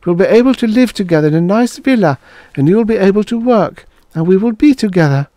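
A man's voice: high voice, lively intonation, quick pace, dark tone, no room sound, clean studio sound, pitched above the performer's own voice. A man voicing a prim, pleading old wife. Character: elderly woman, prim, grieving, devoted wife.

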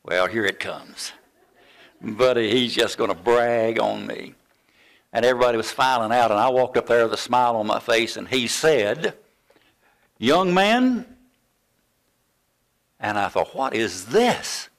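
Older preacher telling a story. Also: male voice, medium pitch, a little slow, gravelly, long pauses. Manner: animated storytelling, acts out quoted voices. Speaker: pastor. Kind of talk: sermon.

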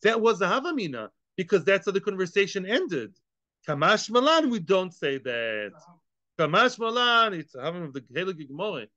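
High bright-voiced guy teaching talmud, tosses out rhetorical questions, dull dry lo-fi sound. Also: brisk, dry recording. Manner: animated, rhetorical questions, acts out both sides. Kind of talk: Talmud class lecture.

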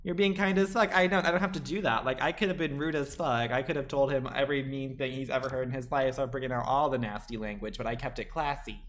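A man's voice: medium pitch, fairly even intonation, quick pace, hardly any pauses, a bit bright, a little hiss or hum. A man streaming a game and chatting to viewers, sassy and dramatic, swearing a lot. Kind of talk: casual livestream chat while gaming.

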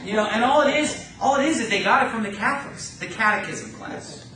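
A man preaching a fervent sermon in a church, reading scripture slowly and mocking opposing views in quick asides. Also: sits high, expressive, bright, forceful tone, a little hiss or hum. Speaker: pastor. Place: church sanctuary. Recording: echoey church room, mic far off.

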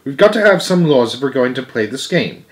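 An earnest little mouse playing teacher, as a man reads him aloud, lifted and eager, leaning hard on every word as he lays down rules. A middle-pitched voice from a children's storybook reading. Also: a little fast, natural voice. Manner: lively, emphatic, higher and louder than his narration. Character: small earnest mouse schoolteacher, solemn and fair-minded.

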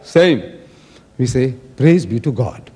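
A man's voice: mid-range voice, expressive, slow, mellow, slightly rough. A man giving an emphatic, argumentative debate speech and acting out the words he quotes. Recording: long hall reverb.

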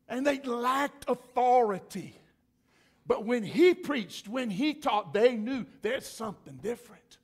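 A male pastor preaching a sermon in church, emphatic and repetitive, swinging from loud to hushed. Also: high-pitched.

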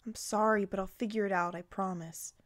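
A woman reading the lines of Bernard, a stressed, lovesick head elf, in a quiet, glum voice. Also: mid-range voice, steady tone, fairly quick, close to an everyday voice.

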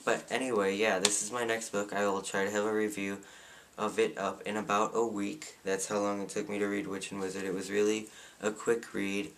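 Teenage guy, lowish voice, casual sarcastic book-review vlogger. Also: level tone, a little fast, vocal fry, fairly bright tone, a little hiss or hum. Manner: opinionated and sarcastic.

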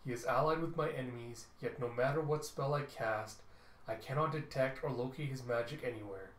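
A man's voice: medium pitch, fairly quick, roomy sound, slight background noise, close to an everyday voice, poor audio. Mother, a man doing a cold tyrant witch queen. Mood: imperious. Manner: cold, imperious.

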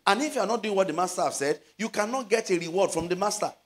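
A middle-aged man with a Nigerian Yoruba accent, preaching a sermon as a pastor, stretching out scripture words and building to loud exhortations. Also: high voice, lively intonation. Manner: slows to stress scripture phrases.

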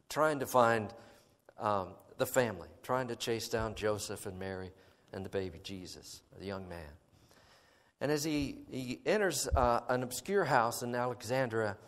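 A man's voice: mid-range voice, in a large hall. A man preaching a sermon, reading a story aloud with dramatic, emphatic delivery and filler words between passages. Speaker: pastor.

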